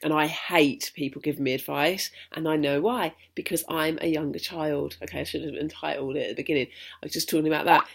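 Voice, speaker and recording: A woman's voice: low-pitched, fairly even intonation, fast, gravelly, husky. A young woman talking frankly to camera in a personal vlog, rambling, restarting her sentences and swearing freely. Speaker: vlogger. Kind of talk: candid personal vlog monologue.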